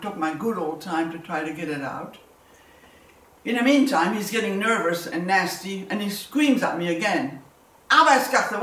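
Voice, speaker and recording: A woman, giving a personal testimony as a war survivor and telling it vividly with repeated words. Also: fairly low pitch. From Belgium. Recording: roomy, distant mic, faint ambience.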